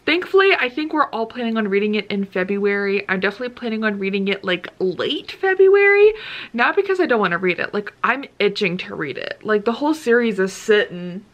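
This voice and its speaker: Gushing, excitable woman. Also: fairly high pitch, quick pace. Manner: gushing and excitable, many "like" fillers. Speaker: book vlogger. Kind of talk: casual vlog chat.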